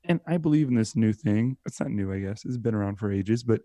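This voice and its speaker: A man, co-hosting a podcast in casual, animated chat and swearing freely. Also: on the low side, fairly quick, no echo, studio quality. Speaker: podcast co-host.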